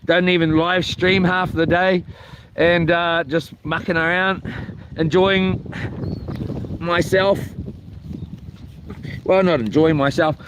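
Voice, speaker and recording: A man's voice: on the high side, fairly even intonation, slow pace, long pauses. A man chatting casually in a camping vlog, rambling with many fillers and mild swearing, recorded outdoors at a coastal campsite. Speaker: camping vlogger. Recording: outdoor wind and noise.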